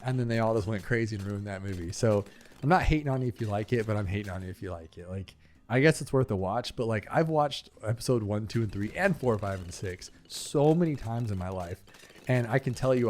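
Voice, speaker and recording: Talking through a video game he's playing, this young man hosts a gaming channel and rambles in a loose, chatty way full of fillers and side comments. His voice sits on the low side with a darkish tone, and there's a slight hiss or hum.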